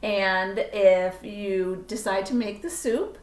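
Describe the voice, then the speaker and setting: A woman's voice: medium pitch, fairly even intonation, takes it slowly, darkish tone. A woman giving a casual cooking demonstration in her home kitchen, chatty and self-correcting as she works. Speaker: cooking instructor. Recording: roomy kitchen sound from a distant camera mic.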